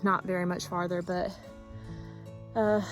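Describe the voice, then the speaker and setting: A woman's voice: fairly low pitch, level tone, a little slow, soft background music, rough recording. A woman chatting casually in a trail vlog, upbeat and full of fillers, recorded outdoors on a phone. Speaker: thru-hiker vlogger.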